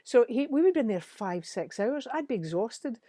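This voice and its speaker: A middle-aged Scottish woman tells lively studio stories in a casual chat, acting out what people said. Her voice sits a little high, and the sound is dry and close. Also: moderate pace, dry recording. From Scotland. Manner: animated storytelling, acts out quotes. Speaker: musician guest.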